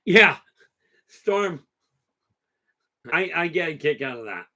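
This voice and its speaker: A man hosting a casual live talk tells a long story in a rambling, chatty way. His voice is bright and pitched a little high. He keeps restarting sentences and turning aside to answer viewer comments. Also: expressive, slow. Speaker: host.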